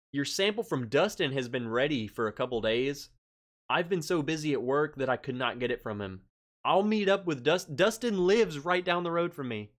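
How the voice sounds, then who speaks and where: A man's voice: medium pitch, fairly bright tone. A man hosting a casual livestream, reading out chat comments, laughing often and sounding stressed. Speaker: livestream host. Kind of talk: casual live-stream chat.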